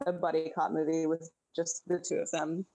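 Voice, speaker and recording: A woman chatting casually as a podcast co-host, recapping a movie scene by scene in a lively, filler-filled way. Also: deep voice, moderate pace, no echo, low-quality recording. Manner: chatty, animated, lots of fillers.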